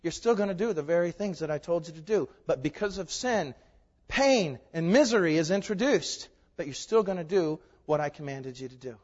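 A man's voice: a little high, expressive, moderate pace. Emphatic preacher man in an echoey hall. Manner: emphatic, rhetorical questions, swings from loud to hushed. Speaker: pastor. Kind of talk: sermon. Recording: echoey hall, dull lo-fi sound.

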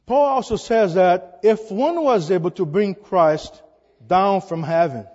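A man preaches with a high voice, emphatic and prone to halting fillers. His voice climbs on each rhetorical question. The recording is dull and sits in long hall reverb. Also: darkish tone. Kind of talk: sermon.

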